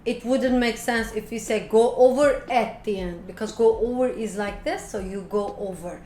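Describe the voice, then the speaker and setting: A woman English teacher explaining quiz answers in slow, careful steps. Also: on the high side, warm tone. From Turkey. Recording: echoey room with faint noise.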